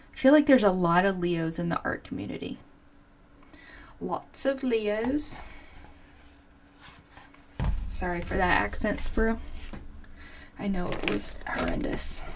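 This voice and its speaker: A woman's voice: medium pitch, noisy background. A woman in her forties hosting a crafting livestream, chatting casually and giggling as she answers viewers' comments while she works. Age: 40s.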